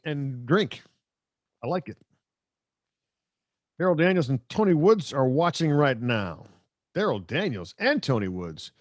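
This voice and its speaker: A man's voice: medium pitch, no room sound, clean studio sound. A middle-aged man hosting a live stream, chatting casually, reading viewer comments, and rambling with jokes at his own expense. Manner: rambling, joking, self-mocking. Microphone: close microphone.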